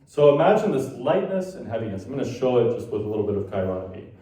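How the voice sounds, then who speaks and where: A man's voice: medium pitch, sing-song, fast talker, warm tone. A man giving a conference lecture, explaining ideas and now and then tapping out rhythms in sung syllables. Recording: echoey hall from far off.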